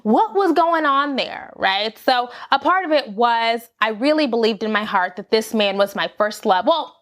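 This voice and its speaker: A woman's voice: on the high side, normal speed. Candid woman telling a breakup story. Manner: candid, animated, acts out her own quotes. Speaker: vlogger. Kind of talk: personal storytime.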